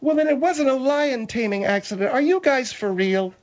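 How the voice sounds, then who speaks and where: A man's voice: extremely high pitch, lively intonation, normal speed, pitched above the performer's own voice. A man voicing a prim, easily offended older woman who scolds the others. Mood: scolding. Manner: prudish, scolding.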